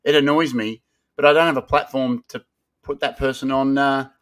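Rambling Australian podcast host. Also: male voice, medium pitch, steady tone, moderate pace, a bit bright. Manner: hyped, rambling build-up talk. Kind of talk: casual podcast banter.

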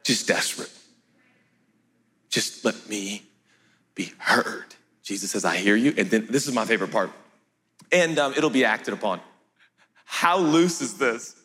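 A pastor preaching a sermon in an animated, joking way, often jumping into high, shouted outbursts. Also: male voice, measured pace, pauses often, husky. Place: church hall. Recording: echoey hall with faint music.

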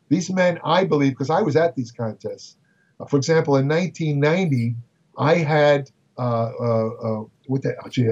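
A man's voice: medium pitch, darkish tone, recorded from a distance, dull audio. An older man from Brooklyn, a bodybuilding writer telling anecdotes in a chatty way, with many fillers and restarts. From Brooklyn, New York. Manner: chatty, repeats words, frequent fillers and restarts. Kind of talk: casual anecdotal storytelling.

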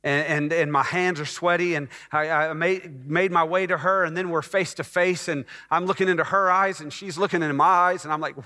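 A man preaching a personal testimony as a sermon, telling his story with hushed moments that build to loud, emphatic passages. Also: fairly high pitch, steady tone, a little fast, hardly any pauses. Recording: long hall reverb.

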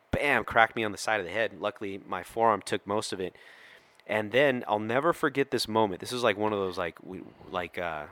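A middle-aged man, a police officer, telling a story on a podcast and acting out the quoted lines. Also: on the low side. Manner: animated storyteller who acts out quoted lines.

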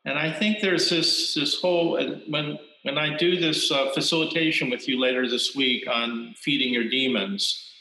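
A man giving a Zen dharma talk, speaking reflectively and haltingly, with frequent restarts. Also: fairly high pitch, pushed and bright. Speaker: Zen Buddhist teacher. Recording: roomy echo.

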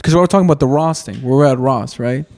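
A man's voice: mid-range voice, fast, creaky, a little mellow. A young man from Texas telling a rambling, restart-filled story in casual podcast chat, peppering it with "dude". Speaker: podcast co-host.

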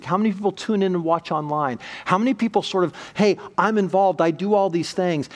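A middle-aged pastor preaching a sermon with emphatic, repeating bursts of speech. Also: male voice, sits high.

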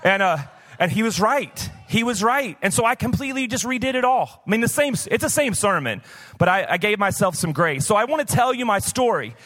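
A man's voice: high voice, expressive, a little fast, fairly bright tone, long reverb tail. A man from the Missouri Boot Heel preaching a casual live sermon as pastor, candid and chatty with many "like" fillers. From Missouri Boot Heel, USA. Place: church auditorium, live.

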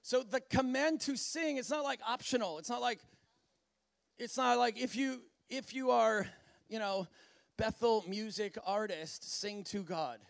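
A man preaching a sermon in an animated way, often acting out voices and laughing. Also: very high-pitched, measured pace, creaky, no room sound, clean studio sound.

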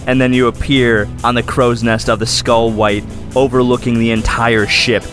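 A man's voice: mid-range voice, flat delivery, moderate pace, music in the background. A man running a tabletop game as game master, narrating the scene in vivid detail. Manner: vivid descriptive storytelling.

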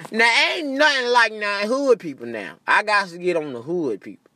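High, bright-voiced man ranting profanely. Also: normal speed, slight background noise. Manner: profane, animated, laughs at own jokes. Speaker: comedian. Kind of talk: stand-up style comedic rant.

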